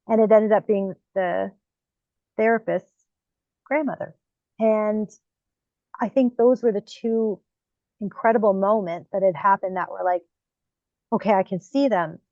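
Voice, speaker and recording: A woman hosts her own podcast and tells long personal stories in a casual, lively way. She acts out her own past exclamations as she goes. The sound is dull and lo-fi, dry and close. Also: medium pitch, dry recording. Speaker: podcast host and medium. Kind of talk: casual storytelling interview.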